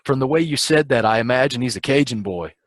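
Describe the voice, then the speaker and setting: A man's voice: mid-range voice, fast, no room sound. A man in casual chat, musing wryly and laughing easily.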